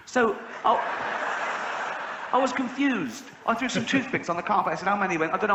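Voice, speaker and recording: A middle-aged English man doing a stand-up set, telling stories deadpan and then jumping into high shrieks to act out other people. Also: a little fast, over a noisy crowd. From England. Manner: deadpan storytelling that bursts into high shrieks when acting out others. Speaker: stand-up comedian. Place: large theatre stage before a laughing audience. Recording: roomy hall with audience noise. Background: audience laughter.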